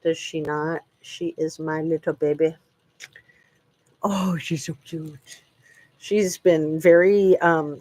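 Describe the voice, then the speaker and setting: A woman's voice: deep voice, a little mellow. A woman in her fifties hosting a casual live stream from home, chatting to viewers and talking to her dogs in a rambling, friendly way. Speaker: true crime channel host. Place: home room.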